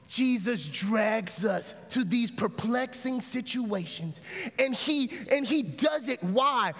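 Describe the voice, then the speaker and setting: A man preaching a sermon in a lively, casual style, calling out to the congregation for a response. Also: extremely high pitch, takes it slowly. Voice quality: casual, conversational phrasing. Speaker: pastor. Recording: hall reverb.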